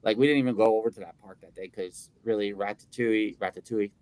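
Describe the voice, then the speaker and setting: A man's voice: fairly low pitch, steady tone, quick pace, a little mellow, no echo. A man co-hosting a casual podcast chat, rambling and jokey, often restarting his sentences. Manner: rambling, self-interrupting, jokey. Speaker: podcast co-host.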